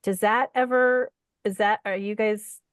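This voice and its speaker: Female podcast co-host, inquisitive casual talker, medium pitch, dry close mic. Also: steady tone, unhurried, clear, resonant tone, no echo. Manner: curious, questioning. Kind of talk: casual chat.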